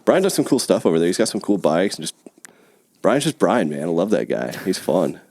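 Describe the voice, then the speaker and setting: A man's voice: sits low, sing-song, brisk, gravelly, a little mellow, no echo, clean studio sound. A man in a casual podcast chat, telling stories in a laid-back way, laughing often and saying "dude" and "man". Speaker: podcast guest.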